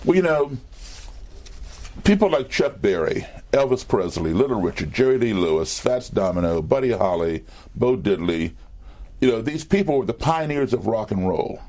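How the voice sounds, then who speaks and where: A man, a musician interview guest, telling an anecdote in a relaxed conversational way, full of fillers and restarts, in a TV studio. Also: fairly low pitch, normal speed. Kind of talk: storytelling in conversation.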